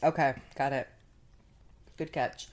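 Low-voiced woman podcast co-host. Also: steady tone, slow, a little mellow. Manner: chatty, many fillers, acts out quotes. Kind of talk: casual recap chat.

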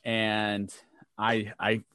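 A man's voice: lowish voice, very slow, clean tone, no echo, studio quality. A man co-hosting a podcast, chatting casually and telling a story, tagging his sentences with "right?". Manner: relaxed, tags sentences with "right?". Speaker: podcast co-host.

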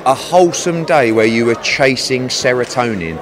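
A man in his forties speaks with a lively, swooping delivery as he mocks his interviewer. He swears freely and teases in a casual, animated way. The talk is recorded outdoors in a city. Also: medium pitch, normal speed. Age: 40s. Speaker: boxing promoter interviewed. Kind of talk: teasing casual banter.

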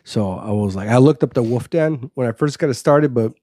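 A man in his thirties with a Chicago accent, a comedian guest on a podcast, talking quickly and rambling in a self-deprecating way. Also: medium pitch, mellow, dry recording, studio quality. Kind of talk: casual podcast chat.

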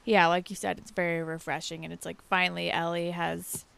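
Young woman retelling a tv episode, animated, really smooth voice. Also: on the low side, fairly quick. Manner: animated storytelling, acts out characters. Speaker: podcast co-host. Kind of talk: casual chat recapping a TV episode.

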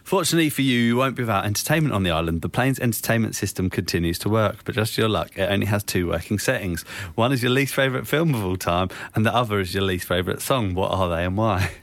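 A man's voice: fairly low pitch, lively intonation, quick pace, few pauses, no room sound. A man hosting a podcast, chatting casually, laughing easily and reacting with exclamations. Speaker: podcast host. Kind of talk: casual interview chat.

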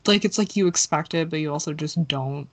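A woman's voice: low-pitched, a little fast. A woman in her twenties co-hosting a casual movie podcast, laid-back and wry, laughing often. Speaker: podcast co-host.

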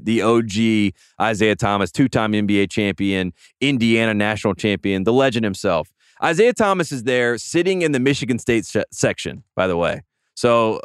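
A podcast host chats about sports in a studio, casual and enthusiastic, rambling and repeating words often. His medium-pitched voice sounds clean, with studio quality and no room sound.

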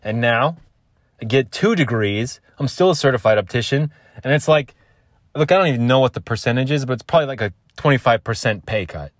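A man's voice: medium pitch, animated, fairly quick, no room sound, clean studio sound. A man hosting a podcast alone, complaining in a frustrated, casual rant, swearing and repeating himself. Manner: swears often, calls listener man and dude. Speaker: podcast host.

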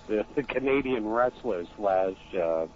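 A man's voice: fairly low pitch, animated, slow, a little mellow. A man chatting casually on a podcast, rambling with frequent restarts. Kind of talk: casual chat. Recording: dull lo-fi podcast audio with faint noise.

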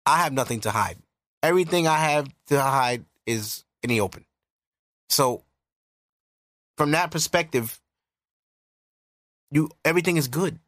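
A man's voice: on the high side, lively intonation, a little slow, pauses often, fairly bright tone, no room sound, studio quality. A young man hosting a podcast, giving candid, profane relationship advice in a casual monologue. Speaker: podcast host.

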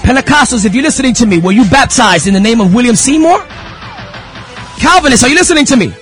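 A man's voice: very high voice, lively intonation, fast, a bit bright, soft background music. A male radio host preaching fervently, repeating phrases and firing rhetorical questions at his listeners. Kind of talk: impassioned radio sermon.

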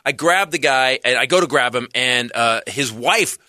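A middle-aged man telling a comedy club story in casual chat, animated and bursting into loud shouted character voices. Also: medium pitch, normal speed, no room sound, clean studio sound. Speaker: stand-up comedian guest.

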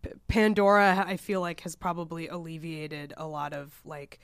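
A woman's voice: sits low, moderate pace, vocal fry, smooth, no room sound. A woman co-hosting a casual podcast, still getting over a chest cold, telling a story in a chatty way full of fillers. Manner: chatty, lots of fillers, laughs while telling. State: recovering from a chest cold, prone to coughing. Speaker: podcast co-host.

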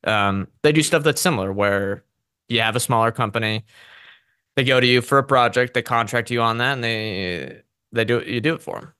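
A man's voice: mid-range voice, a little fast, pushed and bright, clean tone, dry recording, studio quality. A man co-hosting a casual investing show, thinking aloud and repeating words as he talks. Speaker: podcast co-host.

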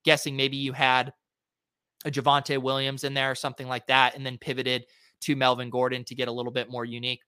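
A man hosts a casual solo review of fantasy sports lineups, thinking aloud with plenty of fillers. His voice is bright and clear. The sound is dry and close. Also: mid-range voice, monotone, fairly quick, dry recording. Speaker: fantasy sports podcast host.

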